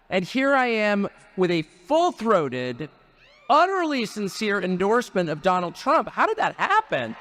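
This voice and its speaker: Fiftyish guy cracking dry jokes at a rally mic, kinda high voice. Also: wildly swooping pitch, unhurried, fairly bright tone. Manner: wry, joking, conversational asides. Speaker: guest speaker at a political rally. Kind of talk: rally speech.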